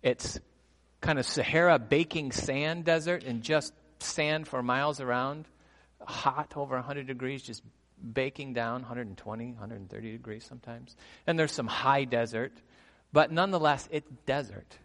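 A man delivers an animated sermon from the pulpit, pitched at a middling level for a man. He drops quick rhetorical asides and coaxes his congregation to repeat words back. A long reverb from the large hall trails his voice. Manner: animated, with rhetorical "right?" asides and crowd prompts. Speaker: pastor. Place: church sanctuary.

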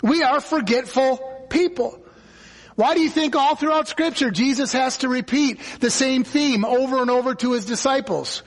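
High-voiced man preaching in echoing hall. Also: normal speed. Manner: conversational, animated storytelling with acted quotes. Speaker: guest pastor. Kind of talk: sermon. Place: church sanctuary. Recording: church hall reverb.

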